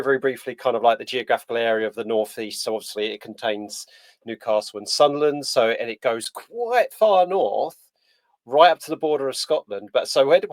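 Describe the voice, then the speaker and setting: A man's voice: medium pitch, dry recording. A man hosting a podcast interview in a casual, rambling way with lots of fillers and restarts. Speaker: podcast host.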